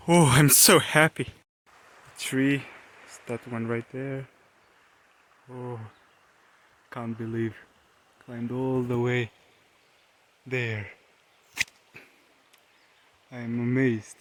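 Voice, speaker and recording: A man's voice: medium pitch, fairly bright tone, slight background noise. A young man with an Eastern European accent vlogging outdoors in woods by a pond, rambling and letting out playful exclamations and yelps while filming on a handheld camera. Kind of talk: casual outdoor vlog narration.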